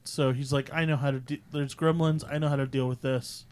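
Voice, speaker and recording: A man in casual movie chat with friends, retelling scenes and slipping into quick acted-out quotes. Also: mid-range voice, steady tone.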